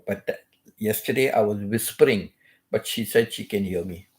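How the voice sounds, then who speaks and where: Older male vlogger, somewhat low voice, rambling and repetitive, amused at his own stories. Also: brisk. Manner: repetitive, chatty, laughs at himself. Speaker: channel host. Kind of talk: casual vlog talk. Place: wooden house.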